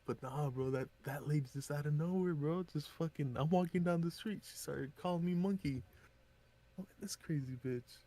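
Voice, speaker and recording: A man's voice: on the high side, normal speed. A young man and regular streamer casually telling a story, cursing and acting out the people in it. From Mexican heritage. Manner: animated, acts out voices in anecdotes, profane.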